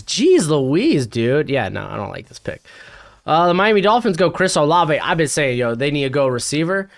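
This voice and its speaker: A man hosting a casual solo sports reaction from home, excitable and rambling with many fillers. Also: a little high, measured pace. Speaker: sports commentary host. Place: home, with a dog nearby.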